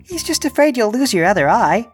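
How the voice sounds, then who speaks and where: A woman's voice: fairly high pitch, very animated, fairly quick, soft background music. A woman playing in a tabletop game, talking playfully and coaxingly. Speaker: player. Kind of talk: tabletop role-play.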